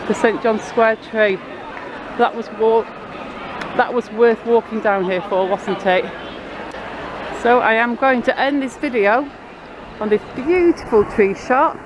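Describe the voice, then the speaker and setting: Woman, casual rambling vlog talk, higher voice, handheld camera outdoors, clear street noise behind. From Blackpool, England. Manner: chatty, rambling storytelling. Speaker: vlogger. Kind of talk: casual walking vlog narration. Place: outdoors on a busy town street. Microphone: handheld camera mic.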